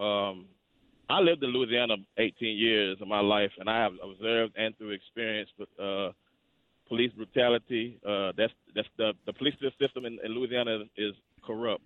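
A man's voice: lowish voice, no room sound. Polite man calling in by phone. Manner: polite, hesitant. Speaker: caller, truck driver. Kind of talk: call-in radio. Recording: dry tinny phone line.

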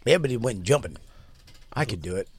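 A man from Boston co-hosts a casual podcast, teasing and clowning around. His pitch swings all over as he jokes. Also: lively intonation, fast talker, breathy edge. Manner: playful, mocking, does silly impressions. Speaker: podcast co-host. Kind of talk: casual chat reacting to clips.

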